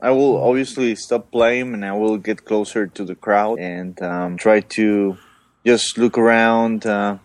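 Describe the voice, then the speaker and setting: A man plays a tabletop game, speaking slowly and hesitantly with frequent "um"s and "uh"s. His voice sounds dry and close. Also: on the low side, fairly even intonation, no echo. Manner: hesitant, many "um" and "uh". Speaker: player. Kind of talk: casual tabletop game play.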